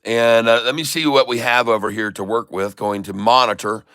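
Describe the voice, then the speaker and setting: A man's voice: medium pitch, steady tone, moderate pace, fairly bright tone, clear, resonant tone. A man chatting to viewers on a live stream, calling out stock prices in runs and calling them folks. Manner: reads out price numbers in runs. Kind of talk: live-stream trading commentary.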